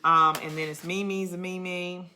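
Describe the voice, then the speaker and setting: A woman's voice: on the low side, level tone, moderate pace, bright, forceful tone, soft background music. A middle-aged woman with a Georgia Southern accent, hosting a crafting livestream in casual chat, rambling through family stories and laughing often. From Georgia, USA. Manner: chatty, rambling storyteller who laughs often. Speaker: crafting channel host. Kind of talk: casual livestream chat, reading viewer comments.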